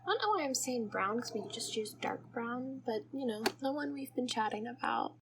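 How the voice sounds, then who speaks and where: A woman's voice: fairly high pitch, lively intonation, normal speed, background noise. A young woman chatting through a makeup tutorial, rambling off topic and giggling as she goes. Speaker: makeup vlogger. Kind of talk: casual makeup tutorial chat.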